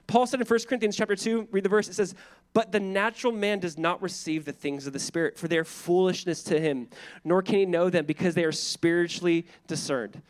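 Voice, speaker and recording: A high-voiced pastor preaches in a casual, animated style, slipping into quick voices to portray the people in his story.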